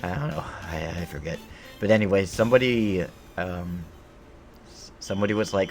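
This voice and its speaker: A man's voice: deep voice, expressive, moderate pace, soft background music. A man streaming a video game, joking and rambling in casual commentary.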